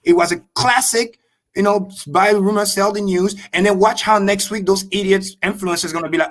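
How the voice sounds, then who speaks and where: A man on a video call explaining crypto with excitable, profane energy and repeating key points slowly for emphasis. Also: high voice. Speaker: crypto show guest. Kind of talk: animated livestream explanation.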